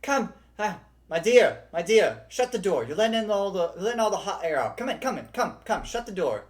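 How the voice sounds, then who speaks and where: A man's voice: sits high, very animated, a little fast, pitched above the performer's own voice. A man doing a fussy tavern keeper. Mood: fussing. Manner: fussing, welcoming.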